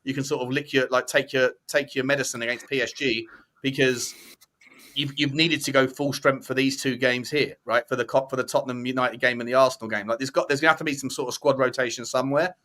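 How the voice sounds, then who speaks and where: A man's voice: medium pitch, steady tone, quick pace, sharp tone. A man, a fan podcast panelist in casual football debate, thinking aloud and often correcting himself.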